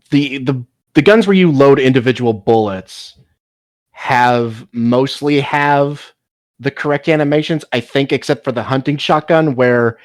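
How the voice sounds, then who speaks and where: A man's voice: medium pitch, a little slow, no room sound, studio quality. A man in casual chat as a podcast co-host, laughing often and trailing off into repeated words.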